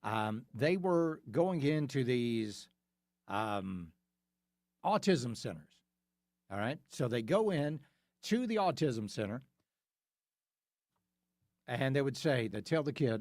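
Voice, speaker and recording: A man's voice: medium pitch, big pitch swings, slow, long pauses, darkish tone, no room sound. A man hosting a talk radio show, delivering an opinionated monologue in a studio, emphatic and full of rhetorical questions that he answers himself.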